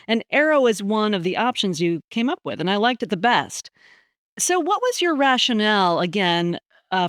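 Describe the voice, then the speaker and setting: A woman hosting a podcast, chatting casually and with easy amusement, with the odd filler. Her voice sits at a middle pitch. The recording is dry and close. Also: no echo. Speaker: podcast host.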